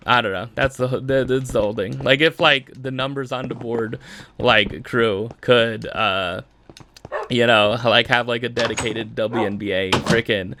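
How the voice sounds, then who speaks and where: A man's voice: mid-range voice, steady tone, a little slow, bright, forceful tone, slight background noise. A man hosting a casual solo podcast, rambling with lots of filler words, laughing often and joking at his own expense. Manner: self-deprecating joking. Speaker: podcast host.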